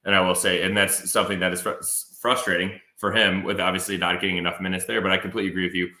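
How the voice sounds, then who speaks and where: A man with an American Midwest accent, co-hosting a sports podcast in a lively, jokey way full of fillers. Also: deep voice, racing, reverberant. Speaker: podcast co-host. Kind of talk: casual sports podcast chat with ad reads.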